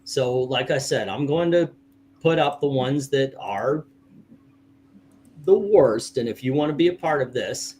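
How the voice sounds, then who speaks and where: A middle-aged man hosting a casual livestream chat, rambling with halting restarts and chuckles. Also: medium pitch, expressive, a little mellow, slight background noise. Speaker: host.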